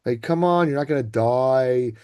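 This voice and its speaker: A man's voice: mid-range voice, moderate pace, a little mellow, clear, resonant tone, natural voice. A man doing a sly tempting serpent. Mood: coaxing. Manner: coaxing, brushing off concerns. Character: sly tempting male serpent, coaxing and dismissive.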